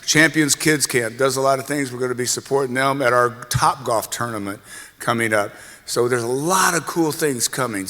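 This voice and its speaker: A man's voice: medium pitch, pushed and bright. A man hosting a chamber meeting, giving casual, chatty announcements and calling out people in the room. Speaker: chamber host. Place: meeting hall. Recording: long echoey hall reverb.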